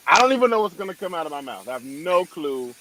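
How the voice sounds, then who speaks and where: Middle-aged man, pastor guest, joking and animated, slightly higher voice, video-call sound with chatter behind. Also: fast, low-quality recording. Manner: animated, self-mocking, emphatic. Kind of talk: casual video-call chat.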